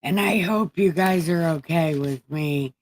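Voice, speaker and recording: A woman's voice: on the low side, unhurried. A woman hosting a livestream, reading scripture aloud in an irreverent, casual way and breaking off for profane, wisecracking asides. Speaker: livestream host. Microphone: home streaming setup.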